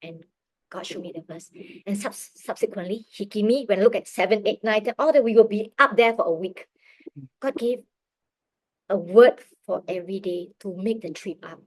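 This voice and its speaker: A middle-aged woman telling a personal faith testimony as a parent, earnest and emotional, often dropping her voice very low. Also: normal speed, dry recording. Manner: earnest, emotional storytelling, drops to near whispers.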